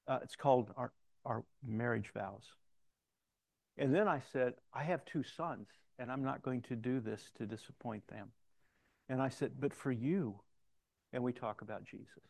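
An older male preacher delivers a sermon in an easygoing, conversational manner. He tells personal stories and cites scripture chapter and verse. His voice sits at a middle pitch and sounds dry and close, with little room sound. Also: gravelly, no room sound. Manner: conversational storytelling preacher, quotes scripture references.

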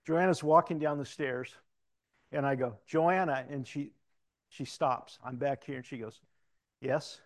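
Gravelly, conversational preacher man. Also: medium pitch, moderate pace, no echo. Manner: conversational preaching with restarts, swings from loud to hushed. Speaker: pastor. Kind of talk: sermon.

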